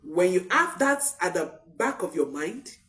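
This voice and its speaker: A woman parenting coach giving a motivational talk, expressive and repeating key phrases for emphasis. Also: fairly low pitch, a little slow, far from the mic.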